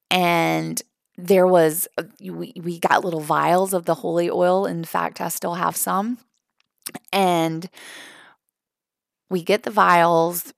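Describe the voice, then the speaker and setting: A woman's voice: on the low side, gravelly, dry recording, studio quality. A young adult woman hosting a podcast, telling a personal story in an earnest, emotional way with many fillers and restarts. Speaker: podcast host.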